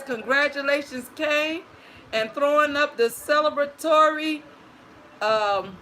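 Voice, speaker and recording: A woman hosting a livestream storytime, greeting viewers by name and reading their chat messages aloud. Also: high voice. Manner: greets viewers warmly by screen name, playful and sing-song.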